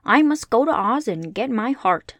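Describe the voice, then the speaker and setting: A woman reading aloud and voicing a polite, hopeful tin woodman in a louder tone. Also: a little high, animated, normal speed, dry recording, clean studio sound, pitched above the performer's own voice.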